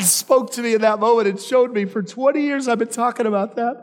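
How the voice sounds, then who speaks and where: A man's voice: extremely high pitch, a little fast. A male pastor preaching a sermon, telling personal stories in a conversational way. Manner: conversational storytelling. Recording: long reverb of a hall.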